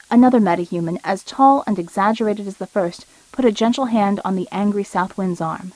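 Woman, audiobook narrator, steady measured reading, dry close recording. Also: medium pitch, no room sound, poor audio. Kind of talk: scripted story narration.

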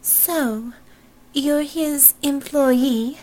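A woman's voice: high-pitched, extremely slow, dark tone, voice pushed up, poor audio. A woman voicing a haughty young blonde heiress who speaks in a prim, formal, disdainful way.

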